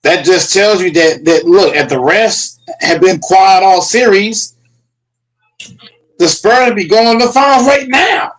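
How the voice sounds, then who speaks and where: A man's voice: sits high, measured pace, fairly bright tone, rough recording. A man from Dallas, Texas, talking sports in a brash, profane, trash-talking way. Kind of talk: casual sports chat.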